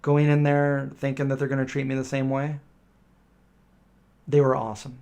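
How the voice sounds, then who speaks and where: A man's voice: medium pitch, monotone, normal speed, a little mellow, clean tone. Middle-aged man rambling through stories. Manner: rambling anecdotal storytelling, acting out quoted voices. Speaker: live stream host answering viewer questions. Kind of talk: casual live Q&A chat.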